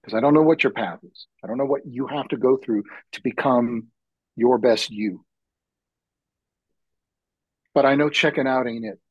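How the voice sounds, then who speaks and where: A husky-voiced man talks earnestly and reflectively about his work guiding men's retreats. His voice sits at an ordinary male pitch, and he lets his stories build slowly. The recording is dry and a little dull. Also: no echo. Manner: reflective, heartfelt, slow-building. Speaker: podcast guest, men's retreat facilitator. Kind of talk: earnest personal storytelling.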